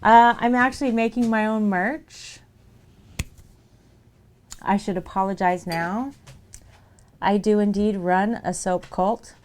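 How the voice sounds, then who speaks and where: A woman streams from her desk at home, chatting loosely with her viewers as she works on crafts. Her voice sits at an ordinary middle pitch. She laughs often and breaks off to talk to her dog. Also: slow, pauses often. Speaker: streamer making her own merch. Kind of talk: casual live-stream chat while crafting.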